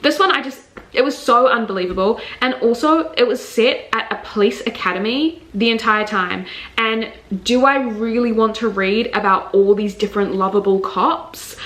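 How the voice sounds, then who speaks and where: A woman's voice: a little high, normal speed, a bit bright, roomy sound, poor audio. A young woman with a New Zealand accent, chatting candidly about the books she read, full of fillers and frank asides. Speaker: book reviewer. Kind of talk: casual book review vlog.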